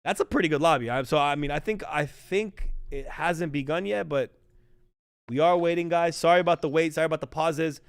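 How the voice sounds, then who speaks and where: A man's voice: on the high side, moderate pace, gravelly, clean tone. A man casting a live esports stream, rambling and joking while talking to chat. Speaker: esports caster.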